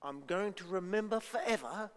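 A man's voice: high-pitched, animated, normal speed, fairly bright tone, clear, resonant tone, big-room sound. A man voicing a stubborn, defiant young girl while telling a children's story in church. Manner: defiant, insistent.

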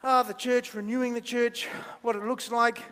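Guy with a really high voice doing a jokey kids talk at church, big reverb all round. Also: flat delivery, normal speed, a bit bright. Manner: chatty, jokey, quizzes the audience. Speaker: minister giving a children's talk. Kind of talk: playful children's talk in church. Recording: long church-hall reverb.

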